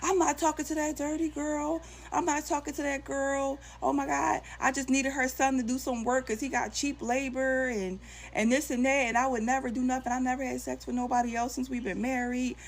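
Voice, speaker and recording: A woman's voice: high-pitched, level tone, brisk, a little hiss or hum, voice pushed up. A woman voicing a defensive husband who frantically swears he is innocent, pleading with repeated denials. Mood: frantic denial.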